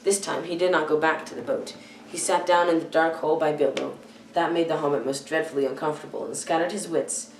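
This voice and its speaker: A woman's voice: low voice, fairly even intonation, fairly quick. Teenage girl, storybook read-aloud, stumbles and restarts, distant mic, faint background hum. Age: teens. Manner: careful reading with frequent stumbles and self-corrections. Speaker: youth reader. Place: church hall. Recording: echoey room, far from the mic.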